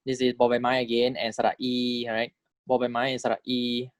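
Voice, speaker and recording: A man teaching a recorded lecture, patiently drilling syllables, repeating each one and checking with "right?" while modeling tones with exaggerated pitch jumps. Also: monotone, fairly quick, no echo, studio quality. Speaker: language teacher.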